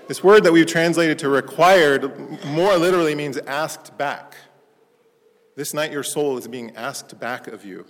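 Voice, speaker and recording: In church, a parish priest delivers a conversational, story-based sermon a little slowly, his voice slightly high, and he becomes animated when recounting anecdotes. A long reverb tail hangs on the sound.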